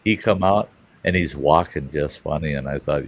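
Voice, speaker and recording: A man's voice: low voice, lively intonation, normal speed. A man hosting a casual livestream chat, telling a rambling, crude anecdote full of swearing. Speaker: livestream host.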